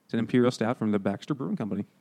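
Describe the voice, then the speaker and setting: Fast-talking man joking about a book. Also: fairly low pitch, gravelly, mellow. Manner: joking, quick asides and puns. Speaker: podcast co-host. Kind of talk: casual chat.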